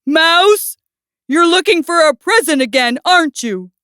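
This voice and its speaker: A woman doing a pompous slow-talking bear. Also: very high voice, animated, fairly bright tone, dry recording, studio quality, pitched above the performer's own voice, exaggerated voice. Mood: grand scolding. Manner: slow, grand, declaiming. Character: pompous stern male bear, fond of pickles.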